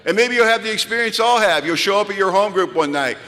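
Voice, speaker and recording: Man, humorous storytelling talk, animated, bright forceful voice, long hall echo. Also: high-pitched, fast. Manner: animated, comic, acts out the voices in his stories. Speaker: recovery speaker. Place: large event hall. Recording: live talk in a reverberant hall.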